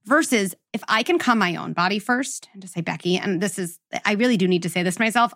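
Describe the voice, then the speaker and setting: Woman, podcast host, psychologist, middle pitch, emphatic explaining, casual fillers. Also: lively intonation, fairly quick, a bit bright. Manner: emphatic, explanatory, frequent "like" and "right?". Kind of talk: interview conversation.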